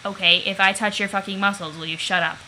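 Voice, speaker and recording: A woman voicing a cool young man who answers in curt, deadpan refusals. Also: mid-range voice, fast talker, noisy background, close to an everyday voice. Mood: flat.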